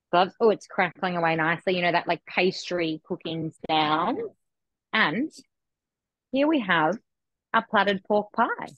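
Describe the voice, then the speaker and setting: Woman hosting a home cooking class, low-ish voice, chatty and upbeat, dry lo-fi mic. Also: fairly bright tone, no echo. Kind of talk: live online cooking demo. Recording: dry, dull lo-fi sound.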